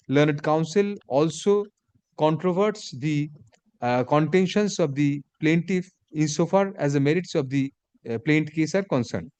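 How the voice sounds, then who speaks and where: Judge, man, dictates orders slowly with spoken punctuation, higher voice, dry close sound. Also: darkish tone, dry recording. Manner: measured dictation, reads punctuation aloud. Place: courtroom.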